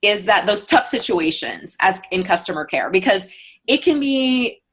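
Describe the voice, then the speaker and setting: A woman's voice: medium pitch, expressive, moderate pace, fairly bright tone, slightly rough. A woman giving a casual customer care training on a video call, chatty and full of fillers, acting out customer messages. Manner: chatty, many fillers, acts out customer quotes. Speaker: book sales consultant leading a team training.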